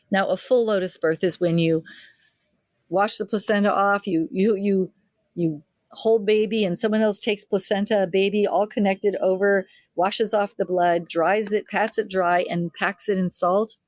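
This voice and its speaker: An older woman who works as a midwife tells family stories in an interview, acting out the relatives she quotes as a lively storyteller. Her voice is medium-pitched, recorded in studio quality with no echo.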